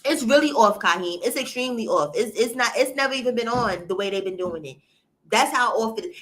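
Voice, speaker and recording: A woman's voice: a little high, lively intonation, a little fast, fairly bright tone. Woman streamer going off on camera, cussing a lot, indignant, talking straight to chat. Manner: blunt and profane, talks directly to viewers; indignant ranting. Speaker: livestream host. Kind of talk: casual reaction commentary.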